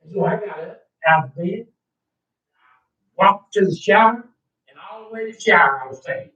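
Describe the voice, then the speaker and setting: Man, interviewee; cursing, worked-up, bragging delivery; high voice; recorded far off in an echoey room, dull sound. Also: animated, moderate pace, pushed and bright. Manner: profane, agitated, boastful. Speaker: interviewee recounting a UFO encounter. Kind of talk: rambling storytelling to an interviewer.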